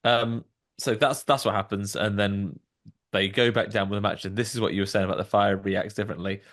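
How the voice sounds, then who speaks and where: A man with a somewhat low voice retelling a film plot on a podcast. He keeps a wry, dry humor as he goes. His delivery stays conversational and unhurried. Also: steady tone, fairly bright tone. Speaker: podcast co-host. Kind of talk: casual film discussion.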